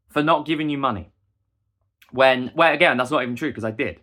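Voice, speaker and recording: A man's voice: medium pitch, normal speed, pauses often, sharp tone. A young man, delivering a heated, indignant rant straight to the camera. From England. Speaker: busker and vlogger. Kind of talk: ranting monologue to camera.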